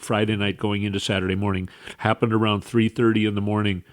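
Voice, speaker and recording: A man hosting a radio show, tearful and weepy, speaking haltingly with restarts. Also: fairly low pitch. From Minnesota. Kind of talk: emotional radio monologue.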